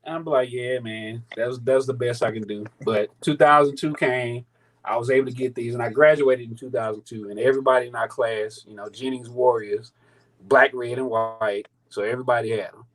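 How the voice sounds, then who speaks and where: A man in his thirties from St. Louis, telling a sneaker story in a profane, animated, casual chat. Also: mid-range voice, fairly quick, poor audio. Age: 30s. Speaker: sneaker battle contestant.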